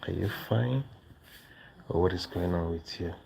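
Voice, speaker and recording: A tired man chats quietly with his viewers late at night while holding his baby. His voice is very low and mellow, with a gravelly edge. He speaks unhurried and weary, and a faint background hum sits behind him. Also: low-quality recording. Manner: soft-spoken, slow and weary, talking to viewers and his baby. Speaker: vlogger father live streaming. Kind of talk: casual late-night livestream chat. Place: home at night.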